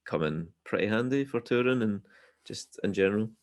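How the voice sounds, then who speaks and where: A Scottish man chatting as a podcast guest, telling relaxed, self-deprecating stories. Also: fairly low pitch, fairly quick. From Scotland. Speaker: guest musician. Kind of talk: casual podcast chat.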